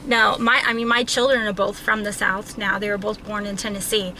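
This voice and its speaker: A middle-aged woman and mother chatting casually as a guest, speaking softly, laughing easily and giving short agreeing replies. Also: medium pitch, flat delivery, a little hiss or hum, poor audio. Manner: soft-spoken, quick to laugh, brief agreeing replies. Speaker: guest, homeschooling mom and artist. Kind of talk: casual chat.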